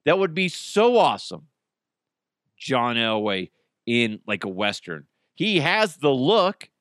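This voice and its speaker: A man's voice: mid-range voice, sing-song, slow, fairly bright tone, no echo, clean studio sound. A man hosting a podcast on his own, riffing casually with jokes and swearing. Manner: jokey, profane, riffing, reads live ad. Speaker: podcast host. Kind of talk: casual solo podcast talk.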